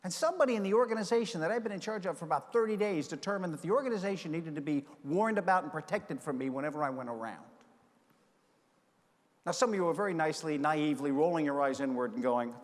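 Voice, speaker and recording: An older man from the United States giving a storytelling keynote speech, animated and acting out the voices in his stories. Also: a little high, fast talker. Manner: animated, acts out quoted voices. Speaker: keynote speaker. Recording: long reverb of a large hall.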